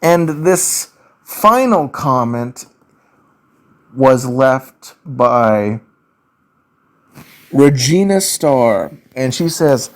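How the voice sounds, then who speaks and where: Slow-talking Southern US man ranting. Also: medium pitch, lively intonation. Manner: slow, drawn-out delivery with many fillers. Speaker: YouTuber answering viewer questions. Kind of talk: casual ranting commentary.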